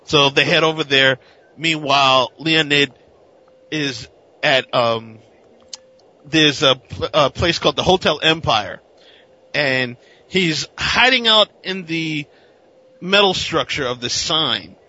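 A man with a bright, fairly high voice recapping a comic in a casual way. He acts out the characters in silly put-on voices. The recording sounds dull and lo-fi. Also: slow, pauses often. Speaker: comic book podcast co-host.

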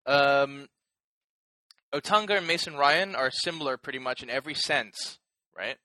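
A man's voice: medium pitch, normal speed, sharp tone, no room sound, rough recording. A man co-hosting a casual podcast chat, rambling with lots of fillers and the odd swear. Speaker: podcast co-host.

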